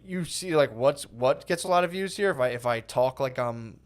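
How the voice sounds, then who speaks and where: A man's voice: mid-range voice, animated, moderate pace. A man co-hosting a comedy podcast, telling a long rambling story in casual chat, full of "like" and "dude". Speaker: podcast co-host.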